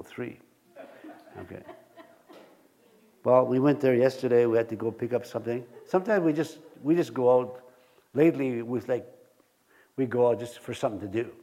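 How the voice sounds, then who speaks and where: Here a man of medium pitch preaches at normal speed, pausing often. As a pastor giving a sermon with personal stories, he narrates everyday episodes with animation, laughs frequently, and asks his congregation questions.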